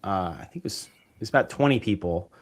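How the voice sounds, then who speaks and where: A man's voice: on the low side, lively intonation, fast. Enthusiastic man talking loosely, full of restarts. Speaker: podcast guest, real estate investor. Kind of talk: casual interview chat.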